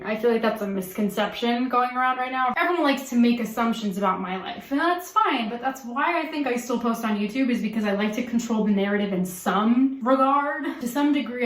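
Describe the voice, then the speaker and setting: A young woman chatting casually to camera in her home office, sarcastic and cursing freely between little laughs. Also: fairly high pitch. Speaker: vlogger and actress. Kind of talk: casual vlog chat to camera. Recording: roomy echoey room.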